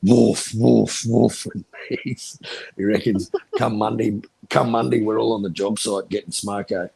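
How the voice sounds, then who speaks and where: A man's voice: fairly low pitch, steady tone, normal speed, vocal fry, darkish tone, breathy edge, rough recording. A man telling crude, profane stories in casual chat, laughing into his punchlines. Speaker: stream chat guest.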